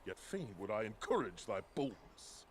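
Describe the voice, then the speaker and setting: A man's voice: on the low side, big pitch swings, normal speed, a little hiss or hum. A man voicing a proud male ice warrior champion in a video game, speaking in a grave, old-fashioned formal way. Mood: solemn. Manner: old-fashioned formal speech, solemn proclamations. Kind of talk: video game character dialogue.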